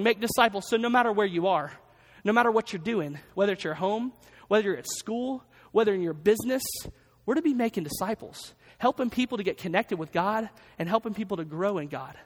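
A high-pitched male pastor delivers an energetic sermon, hammering his points home through repetition. His voice rings out with a long reverb, as if it fills a large church hall. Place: church sanctuary.

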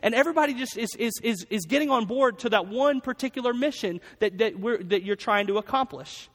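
A high-pitched male pastor delivers an energetic sermon, hammering his points home through repetition. His voice rings out with a long reverb, as if it fills a large church hall. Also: fairly quick. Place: church sanctuary.

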